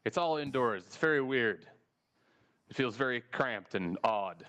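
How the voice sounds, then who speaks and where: In a loose, foul-mouthed podcast conversation, this American man recounts a trip, voicing the dialogue himself. His mid-range voice moves at a measured pace, and his delivery is animated and full of swearing.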